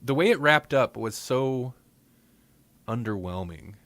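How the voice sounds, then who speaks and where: A man's voice: medium pitch, animated, takes it slowly, fairly bright tone. Rambling, jokey male podcast host. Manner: rambling, self-correcting, jokey. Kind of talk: casual chat.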